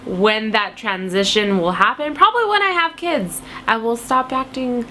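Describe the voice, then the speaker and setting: A woman's voice: a little high, lively intonation, moderate pace, bright, forceful tone, a little hiss or hum. Playful young woman with a cold. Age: 20s. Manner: silly, playful, chatty with laughs. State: has a cold. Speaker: vlogger answering viewer questions. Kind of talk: casual chat to camera.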